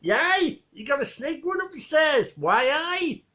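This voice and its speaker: A man's voice: extremely high pitch, slow pace, voice pushed up, heavily acted. A man voicing a cheerful, chatty Geordie man who repeats himself and laughs as he talks. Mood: excited. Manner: excitable, repeats himself, laughs mid-sentence.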